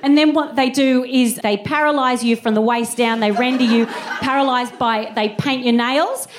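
A woman's voice: fairly high pitch, moderate pace, slight background noise. Woman doing live stand-up. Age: 30s. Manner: animated storytelling with put-on voices and scat singing. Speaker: stand-up comedian. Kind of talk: stand-up comedy routine. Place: live venue with an audience.

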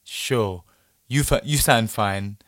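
A man voicing a curt, macho man on a phone call in a lowered, gruff voice. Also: takes it slowly, no room sound, studio quality. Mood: blunt.

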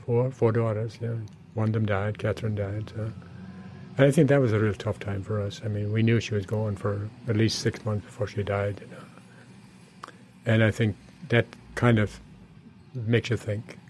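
Irish guy in his 70s, lowish voice, rambly storytelling, faint noise behind. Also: steady tone, normal speed, darkish tone. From Ireland, Galway. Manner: rambling, heavy with "you know" fillers, chuckles often. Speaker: interviewee, corner shop owner. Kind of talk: reminiscing conversational storytelling.

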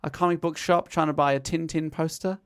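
A man hosting a podcast, retelling a classic novel in casual chat, self-deprecating and quick to laugh. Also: fairly high pitch, steady tone, clean tone.

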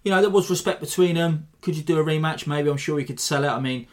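A man's voice: a little high, quick pace. Rambling male fight-podcast host. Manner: rambling, animated, self-deprecating. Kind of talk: casual fight analysis.

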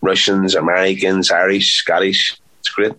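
Playful, chatty actor with a lowish voice. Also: male voice, level tone, moderate pace, bright, forceful tone, rough recording. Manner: chatty, playful, repeats words for emphasis. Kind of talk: casual interview chat.

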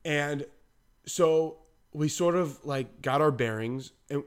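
A man's voice: fairly high pitch, slow pace, smooth. Man telling a story animatedly. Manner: animated, acts out quoted voices. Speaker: podcast co-host. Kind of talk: casual storytelling.

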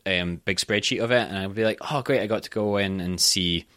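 Scottish guy on a podcast, sweary and lively, kinda low voice, dry close sound. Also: brisk, no room sound. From Scotland. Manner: candid, sweary, animated storyteller. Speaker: guest actor. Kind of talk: casual podcast chat.

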